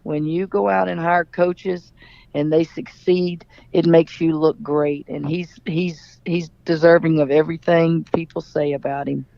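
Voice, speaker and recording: Gravelly-voiced woman coach. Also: sits low, steady tone, unhurried, dark tone, dry recording, muffled recording. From Louisiana. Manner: candid, emphatic storyteller. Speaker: head coach, guest. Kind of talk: radio interview.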